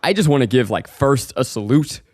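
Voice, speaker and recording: A man's voice: medium pitch, expressive, normal speed, a little mellow, no room sound, studio quality. A young adult man co-hosting a comedy podcast, riffing enthusiastically and cracking crude jokes. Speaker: podcast co-host. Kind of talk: casual comedic chat.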